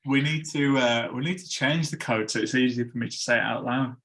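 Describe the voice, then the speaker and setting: A man's voice: mid-range voice, fairly even intonation, a little fast, fairly bright tone. A man hosting a casual podcast chat, chatty and laughing at his own slip-ups. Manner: chatty, stumbles over ad reads and laughs at himself. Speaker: podcast host.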